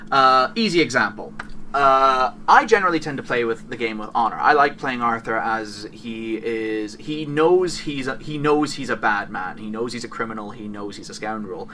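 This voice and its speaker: A man's voice: medium pitch, lively intonation, moderate pace, sharp tone, far from the mic, slight background noise. A man co-hosting a podcast, chatting casually and enthusiastically about video games, often correcting himself mid-sentence. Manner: rambling, enthusiastic, self-correcting. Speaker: podcast co-host. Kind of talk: casual gaming chat.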